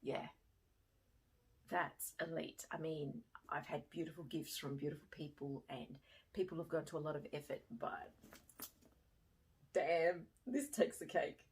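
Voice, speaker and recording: Breathy woman telling a heartfelt story. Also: deep voice, unhurried, long pauses. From Australia. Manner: animated, swings from hushed to excited. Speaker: fashion vlogger and former teacher. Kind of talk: emotional storytelling to camera.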